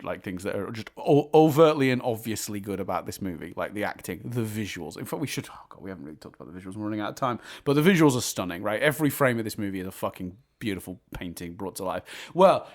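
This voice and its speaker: Animated man reviewing films. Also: on the low side, fast, few pauses. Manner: animated, laughs while retelling jokes. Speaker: podcast co-host. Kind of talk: casual film review chat.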